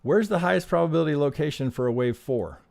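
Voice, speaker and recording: A trading educator on a live stream speaks fast and animatedly in a fairly high, creaky, darkish voice. He talks casually and profanely, asking himself rhetorical questions as he goes over charts.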